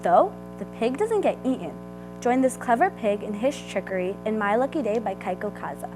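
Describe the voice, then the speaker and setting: A woman reading a children's picture book aloud, slow and expressive. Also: fairly high pitch, over music, low-quality recording. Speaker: storybook reader. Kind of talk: read-aloud storytelling.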